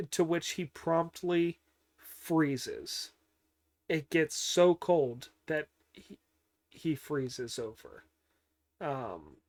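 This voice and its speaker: A man giving a casual, unhurried recap of a cartoon episode, with many pauses and fillers and dry joking asides. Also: a little high. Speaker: show recapper.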